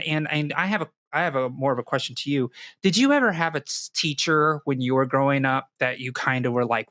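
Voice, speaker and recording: A man's voice: medium pitch, dry recording, studio quality. A man co-hosting a talk show, an educator and parent, talking animatedly with frequent restarts and acting out what kids and parents might say. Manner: animated, restarts often, acts out quoted kids. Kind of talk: casual discussion with a caller.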